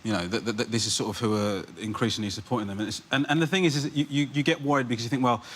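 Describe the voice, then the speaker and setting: A man's voice: medium pitch, very fast, a little hiss or hum. A man, a comedian on a panel show, riffing with rambling hedges and fillers. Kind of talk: stand-up style panel riff. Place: TV studio.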